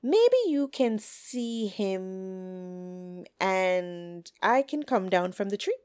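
A woman voicing a wary, sharp-witted old hen who speaks in a dry, skeptical, teasing way. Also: medium pitch, lively intonation, very slow, smooth, no room sound.

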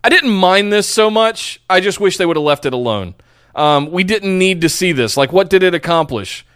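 A man co-hosting a casual wrestling chat, giving frank opinions but often hedging them. His voice is smooth and resonant. The recording is dry and close. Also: high-pitched, expressive, moderate pace, a bit bright, dry recording. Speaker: podcast co-host.

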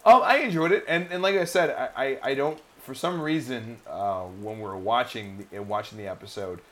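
A man co-hosting a casual podcast, talking in a rambling, halting way with many restarts. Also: medium pitch. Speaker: podcast co-host. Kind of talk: casual chat.

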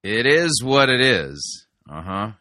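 A man's voice: mid-range voice, very animated, slow pace, bright, forceful tone, no room sound. A man giving sarcastic commentary on a sermon clip, explaining it as a manipulation technique. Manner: sarcastic and dry. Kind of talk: critical commentary.

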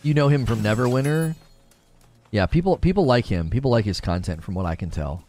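Male streamer, casual chat, self-mocking, lively swings in pitch. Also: a little fast. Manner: chatty, self-mocking, restarts often. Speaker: game streamer. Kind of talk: casual livestream chat while playing.

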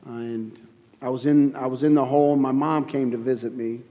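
A man giving a personal testimony at a church service, telling his story in an earnest, halting way with frequent restarts. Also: medium pitch, steady tone, long reverb tail, muffled recording. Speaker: guest speaker giving testimony.

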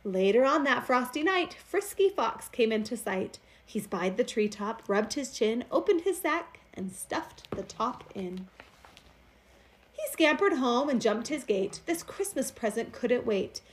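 A woman reading a rhyming children's Christmas picture book aloud in an expressive, sing-song way. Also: fairly high pitch, measured pace. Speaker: storyteller.

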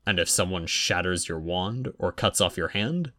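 A man's voice: deep voice, normal speed, bright, forceful tone. A man voicing a young boy wizard who answers with dry, patient reasoning.

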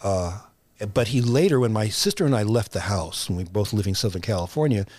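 A man's voice: on the low side, animated, fairly quick, darkish tone, no room sound. An older man, a playwright guest on an interview show, telling stories reflectively, with many fillers and restarts. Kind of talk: conversational interview.

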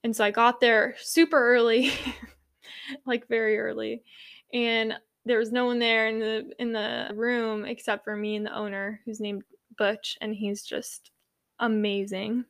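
Earnest, rambling young woman, slightly high voice. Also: flat delivery, unhurried, fairly bright tone. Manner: rambling, filler-heavy, earnest. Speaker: yoga teacher. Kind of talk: casual personal storytelling.

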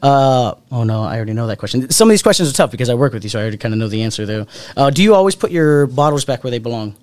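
A man's voice: medium pitch, expressive, very fast, darkish tone. A young man hosting a casual podcast, joking, swearing and laughing often as he chats. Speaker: podcast host.

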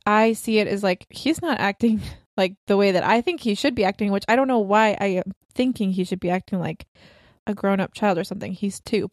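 A woman's voice: mid-range voice, darkish tone, dry recording, studio quality. A woman in her twenties chatting as a podcast co-host, rambling with lots of fillers and laughs. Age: 20s. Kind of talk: casual chat.

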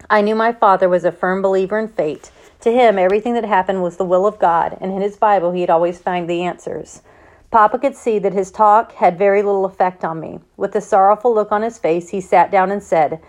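A woman reading a novel aloud in first person, in a steady way with small stumbles and self-corrections. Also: mid-range voice, fairly quick. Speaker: audiobook reader.

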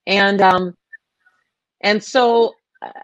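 A woman's voice: medium pitch, fairly even intonation, very slow, no room sound. A woman filmmaker talking passionately in an interview, often restarting and repeating her phrases. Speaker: filmmaker guest. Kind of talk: interview conversation.

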